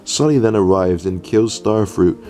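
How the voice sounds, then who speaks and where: YouTuber recapping his old plush series, dark voice, deadpan sarcasm, faint music under. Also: on the low side, normal speed. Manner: sarcastic, exasperated, deadpan asides. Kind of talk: comedic commentary narration.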